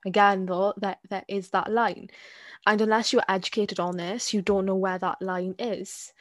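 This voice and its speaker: Speaking at a moderate pace with medium pitch and little pitch movement, a woman co-hosts a casual discussion podcast with no echo. She's hesitant, full of restarts and repeated words, often tagging on "you get what I mean."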